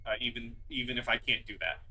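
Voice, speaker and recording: A man's voice: mid-range voice, level tone, quick pace, bright, forceful tone, poor audio. A man narrating as game master of a tabletop game, rambling with many fillers.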